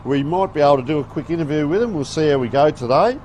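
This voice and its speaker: A man's voice: a little high, lively intonation, fast, darkish tone, a little hiss or hum. A man giving folksy, chatty live play-by-play commentary on a local football game. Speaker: sports commentator. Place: outdoor football ground.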